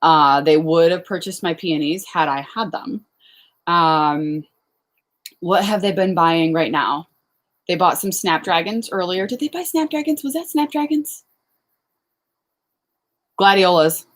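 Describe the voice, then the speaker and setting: A young woman, a flower farmer, chatting casually on a live stream, answering viewer questions with lots of fillers and quick laughs. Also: lowish voice. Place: outdoors on a farm.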